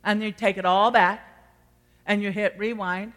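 Bright-voiced woman preaching in a hall. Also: medium pitch, steady tone, normal speed. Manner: swings from loud exhortation to quiet asides. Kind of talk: sermon. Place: church sanctuary. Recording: long church hall reverb.

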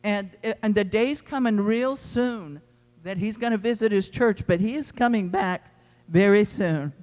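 A man's voice: sits high, measured pace, a little mellow. A man preaching a sermon to his congregation, emphatic and repeating his phrases as he addresses the church. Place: church sanctuary. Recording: long hall reverb in a church.

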